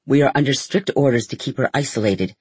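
A man's voice: medium pitch, a little fast, breathy edge, no echo. A man voicing a wiry, stiff guard captain who speaks formally and curtly, heard in a storybook reading. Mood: stern.

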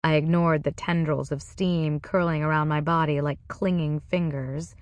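A woman narrating a first-person novel in a measured, wry way. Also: sits low, steady tone, no room sound, dull audio. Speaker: audiobook narrator.

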